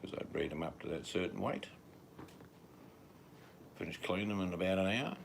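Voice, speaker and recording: A man's voice: low-pitched, creaky, background noise. A man with an Australian accent, joking in casual live-stream chat. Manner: joking, drawn-out deadpan asides.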